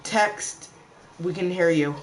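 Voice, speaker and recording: Casual gamer voice, mid-pitched, chatty commentary over play with faint noise behind. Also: slow, poor audio. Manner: chatty, talks to viewers as "guys" and reads game text aloud. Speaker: gamer playing a survival game.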